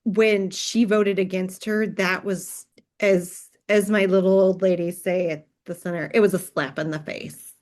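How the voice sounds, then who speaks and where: A woman co-hosting a casual book podcast, chatty and quick to laugh and agree. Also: lowish voice, fairly even intonation, darkish tone. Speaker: podcast co-host. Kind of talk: casual book recap chat.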